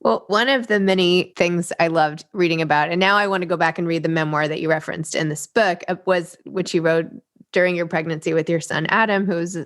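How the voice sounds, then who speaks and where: A woman's voice: lowish voice, fairly quick. A woman hosting an interview, asking long, rambling questions and gushing about how much she loved the book. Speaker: podcast host.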